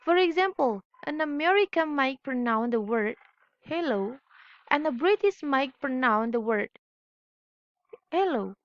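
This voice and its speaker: A woman's voice: high-pitched, dry recording. A young woman whose first language is Indonesian, reading a class presentation carefully and correcting her own slips. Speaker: student presenter. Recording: dull lo-fi recording.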